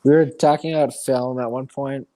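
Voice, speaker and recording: A man's voice: medium pitch, fairly even intonation, moderate pace, mellow. A man co-hosting a casual podcast, telling laid-back, profane anecdotes with lots of fillers. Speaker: podcast co-host. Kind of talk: casual chat.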